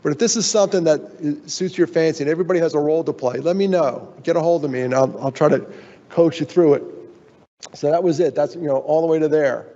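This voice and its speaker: A man's voice: a little high, quick pace, dark tone, long reverb tail, highs cut off. A man giving a candid, emotional keynote talk at a conference, often breaking off and restarting his sentences. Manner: candid, emotional, self-interrupting. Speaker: keynote speaker. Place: conference hall.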